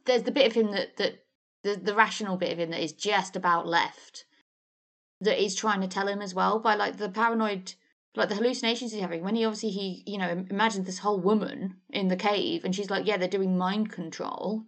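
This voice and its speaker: A woman co-hosting a relaxed movie podcast, her voice sitting at an ordinary middle pitch. She talks in a chatty, blunt way, swears freely, and often trails off and restarts mid-thought. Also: a little fast. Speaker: podcast co-host. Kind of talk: casual film chat.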